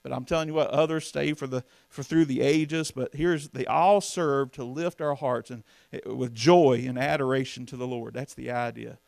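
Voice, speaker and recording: A man's voice: medium pitch, steady tone, moderate pace, creaky, few pauses, darkish tone, dry recording. A man preaching from the pulpit, folksy and emphatic, often asking the congregation questions. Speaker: pastor. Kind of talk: sermon.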